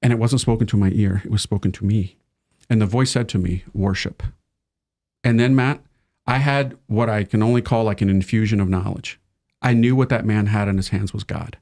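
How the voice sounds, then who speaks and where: Lively middle-aged priest telling a story. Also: male voice, lowish voice, a little fast. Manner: lively, slangy, laughs often, acts out the people in his story. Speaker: priest, interview guest. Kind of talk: animated storytelling in conversation.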